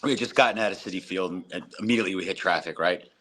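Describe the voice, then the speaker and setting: A man's voice: low-pitched, rapid-fire, sharp tone, slight background noise. A man co-hosting a casual sports podcast, talking in a rambling, profane way and mimicking announcers. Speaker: podcast co-host.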